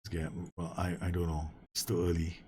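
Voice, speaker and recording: A man's voice: low-pitched, completely flat delivery, brisk, warm tone, slight background noise. A man giving casual commentary on a football management game, talking to his players, swearing and laughing as the match swings. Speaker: gaming YouTuber. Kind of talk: casual Let's Play commentary.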